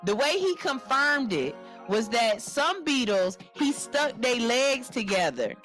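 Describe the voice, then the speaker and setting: A woman hosting a morning radio show, reading a news story aloud and riffing on it with animated jokes. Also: fairly high pitch, takes it slowly, faint music behind. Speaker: radio host. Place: radio studio.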